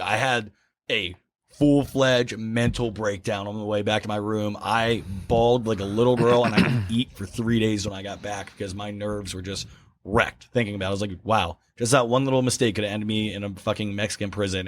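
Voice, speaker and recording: A man casually telling a wild story on a podcast, swearing a lot and acting out the other people's voices. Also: on the low side. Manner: profane, animated storyteller who acts out voices. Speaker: podcast co-host. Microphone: studio mic.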